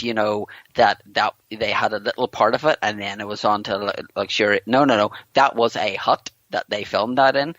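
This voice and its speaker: A man's voice: fairly low pitch, a bit bright, no room sound. A man talking as a podcast guest in casual chat, rambling with lots of "you know" and restarts. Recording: dull lo-fi dry recording.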